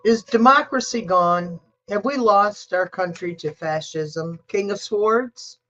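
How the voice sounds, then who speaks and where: A woman's voice: medium pitch, takes it slowly, a bit bright, dull audio. A woman doing a live-stream tarot reading, repeating her questions insistently and chatting asides to her cat. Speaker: tarot reader.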